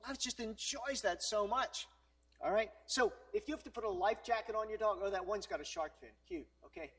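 High-voiced joking male preacher. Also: expressive, brisk. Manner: conversational and joking, with frequent 'all right?' tags. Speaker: pastor. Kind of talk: sermon.

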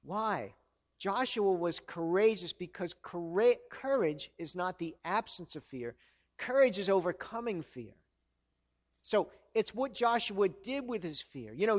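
A man with a high voice preaches a sermon. He keeps it earnest and conversational and often asks the congregation rhetorical questions. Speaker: pastor.

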